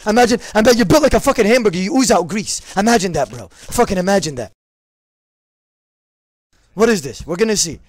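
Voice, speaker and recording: A man's voice: high voice, animated, a little fast, long pauses, no room sound, studio quality. A man streaming a game, talking casually with lots of swearing, trash talk and repeated phrases. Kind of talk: casual live gameplay commentary.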